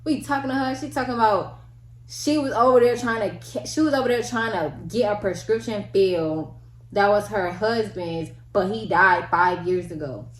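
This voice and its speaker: Young woman vlogger, casual slangy storytime, animated; echoey room, faint background hum. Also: moderate pace. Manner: animated, slangy, acts out quotes with big pitch jumps.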